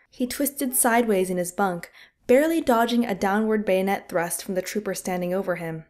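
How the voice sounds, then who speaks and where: A woman narrating a fantasy war audiobook in an expressive, vivid storytelling style. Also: medium pitch, a little slow.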